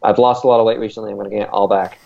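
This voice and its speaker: This podcast co-host races along in a fairly low voice with vocal fry, excitedly rambling through a casual chat packed with "uh" fillers. The dull, lo-fi recording carries a little hiss or hum.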